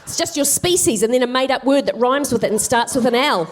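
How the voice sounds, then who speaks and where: A woman's voice: high voice, lively intonation, fast, slight background noise. A woman voicing a weary, exasperated little red hen with a sarcastic edge.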